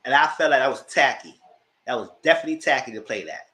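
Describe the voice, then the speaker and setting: A man giving a casual spoken recap of reality TV shows at home, colloquial and animated. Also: quick pace. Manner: animated, mocks people in high put-on voices; colloquial, with "y'all". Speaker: commentator.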